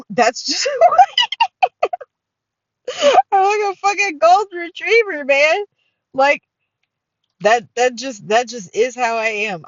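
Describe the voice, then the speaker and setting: A middle-aged woman hosting a casual solo podcast, excitable and full of fillers and swearing. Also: mid-range voice, dry recording, dull audio. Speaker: podcast host.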